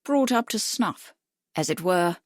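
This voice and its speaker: A foppish, dim-seeming English aristocrat, as a woman narrator puts him on, lisping in an exaggerated upper-class drawl. He talks fatuously and expansively, raised a little high and bright. Dry, close audiobook sound. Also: animated, unhurried, dry recording. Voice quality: exaggerated posh lisp. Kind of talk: audiobook character voice.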